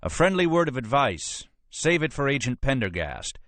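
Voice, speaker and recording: A man voicing a blustering, suspicious police captain who talks in a gruff, pushy way, in a storybook reading. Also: mid-range voice, big pitch swings, moderate pace, fairly bright tone, no room sound, voice pushed up. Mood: bossy. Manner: gruff, pushy, rhetorical questions.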